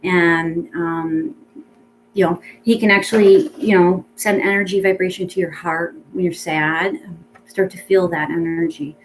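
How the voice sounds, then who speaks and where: Woman medium, warm-hearted and weepy, lots of ums, soft reassuring tone. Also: fairly low pitch, steady tone, a little slow, slight background noise, rough recording. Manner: emotional, tearful at times, many fillers, soothing reassurance. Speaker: pet medium. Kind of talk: casual spoken reading to a client.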